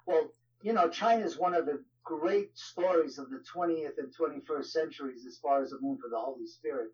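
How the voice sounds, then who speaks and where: A man with a New York accent speaks as an interview guest, his voice sitting a little high. He talks loosely and conversationally, leaning on filler phrases. The audio sounds dull and lo-fi. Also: fairly quick. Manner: conversational, frequent "you know" fillers. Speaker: guest, ministry leader. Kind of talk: casual interview talk.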